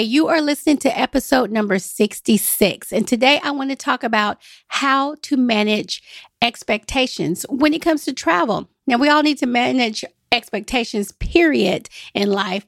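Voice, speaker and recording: A woman hosting a travel podcast in a lively, emphatic, chatty way. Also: on the high side, vocal fry, no echo, studio quality. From United States. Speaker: podcast host and travel agent. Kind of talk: solo podcast talk.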